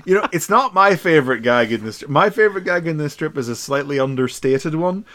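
A man co-hosting a casual chat about comics, animated, laughing often and slipping into pirate voices. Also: fairly high pitch, fairly quick. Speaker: podcast co-host.

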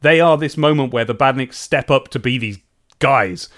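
A man's voice: medium pitch, normal speed, fairly bright tone. A man co-hosting a casual chat podcast, talking enthusiastically and animatedly, often breaking off and restarting. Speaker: podcast co-host.

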